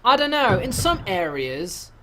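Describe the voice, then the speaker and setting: A man's voice: high voice, sing-song, a little slow, bright, forceful tone, slight background noise. A young man from England with an English accent, chatting casually as a game-master host, swearing a lot and mimicking other people's voices. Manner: swearing, mimicking voices, laughing at his own jokes. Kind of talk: casual banter between game sessions.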